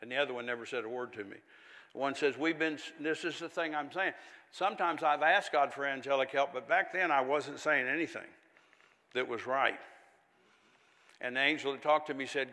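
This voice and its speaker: An older man, a pastor telling stories in a sermon and rising to zealous, loud preaching. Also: medium pitch, moderate pace. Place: church hall. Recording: echoey church hall.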